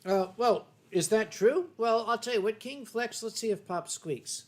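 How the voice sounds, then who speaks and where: High-voiced older man rambling host. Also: measured pace. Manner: rambling storyteller, coughs and clears throat, swears freely. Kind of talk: boozy late-night chat show banter.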